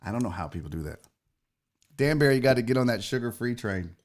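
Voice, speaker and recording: A middle-aged man hosting a casual live stream, loud and profane, excitably reading viewer messages aloud. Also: medium pitch, fast. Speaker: show host.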